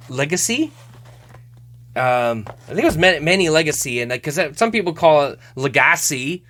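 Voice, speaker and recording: Chatty guy with a lively voice. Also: mid-range voice. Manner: chatty, laughs often, stumbles over names. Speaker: host. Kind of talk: casual card-opening chat.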